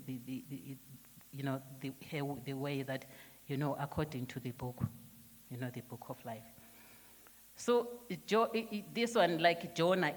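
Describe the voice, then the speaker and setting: A woman speaks earnestly in a church testimony, confessing openly. Her delivery is halting, full of restarts and repeated words. The sound carries a long reverb from a large hall. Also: low voice. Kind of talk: personal testimony in a sermon.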